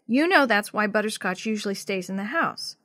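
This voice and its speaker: A woman playing a gentle, soothing mother. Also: medium pitch, fairly quick, no room sound, studio quality, close to an everyday voice. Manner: calm and reassuring.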